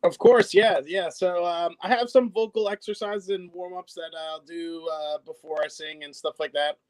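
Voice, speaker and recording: A man's voice: sits high, fairly even intonation, normal speed, a little mellow, dry recording, poor audio. A young man, a singer, answering interview questions in an easygoing way with lots of fillers. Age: young adult. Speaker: singer and guest.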